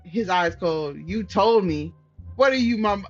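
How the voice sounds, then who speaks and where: An animated woman streamer reads a story game aloud, her high voice swinging widely as she breaks into loud, profane outbursts. The recording is a little muffled, with soft game music underneath. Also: moderate pace. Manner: animated, profane, bursts into loud outraged reactions. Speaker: gaming streamer.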